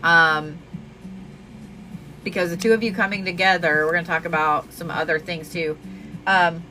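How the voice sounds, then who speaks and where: A woman's voice: fairly low pitch, steady tone, normal speed, poor audio. A woman giving a live astrology reading, chatty, affectionate and freely profane. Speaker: astrology reader. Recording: music playing behind. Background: clear background music.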